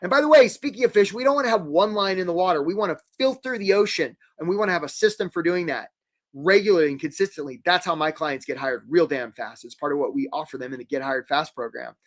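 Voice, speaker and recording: A man hosting a live career webinar, energetic and jokey, acting out quick little quoted voices. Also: on the high side.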